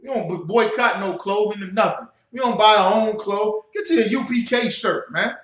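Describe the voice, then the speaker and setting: Male street-style preacher, high bright voice, roomy echo, shouts for emphasis. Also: moderate pace. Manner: emphatic, builds to shouting, speaks to the audience. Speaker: religious teacher. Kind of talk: livestreamed sermon.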